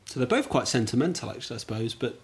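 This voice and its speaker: A man from England chats casually as a podcast guest, self-deprecating, with hesitant fillers and easy laughter. His mid-range voice swings widely in pitch, and he talks very fast.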